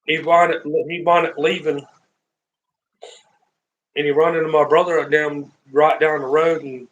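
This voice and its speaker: A man's voice: on the high side, level tone, measured pace, dull audio. A man rambling through a story in a car, repeating himself as he goes. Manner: rambling, repeats himself, acts out quoted lines. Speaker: live streamer. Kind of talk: casual storytelling.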